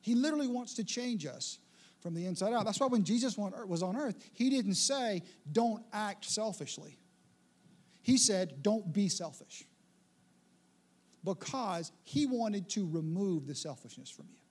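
A man preaching a sermon in an animated way, with playful asides and acted-out quotes. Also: sits high, a little slow. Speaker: pastor.

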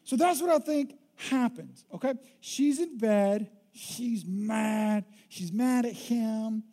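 A preacher delivers a sermon in a loose, joking, conversational way. The voice is mellow and warm, sitting at a middle pitch. The delivery is animated and chatty. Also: slow pace.

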